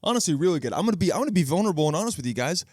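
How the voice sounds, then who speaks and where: A man's voice: a little high, very animated, rapid-fire, darkish tone, no echo. A man in his thirties hosting a casual solo podcast, rambling and joking with plenty of swearing and restarted phrases, close on the mic. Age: 30s. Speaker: podcast host. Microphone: close studio mic.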